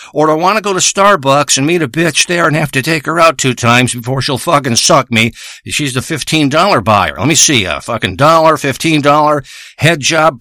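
A man's voice: fairly high pitch, sharp tone, dry recording, studio quality. A man delivering a crude, rambling solo monologue in a profane, boastful, blunt way. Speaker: host of a recorded monologue.

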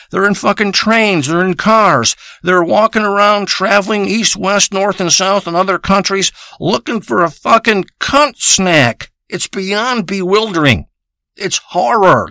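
A man's voice: sits high, sharp tone, no echo, clean studio sound. A man delivering a crude, paranoid comedy rant in a rambling monologue.

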